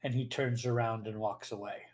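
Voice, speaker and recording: A man's voice: medium pitch, fairly even intonation, normal speed, darkish tone. A man running a tabletop role-playing game as game master, narrating scenes and explaining rules plainly.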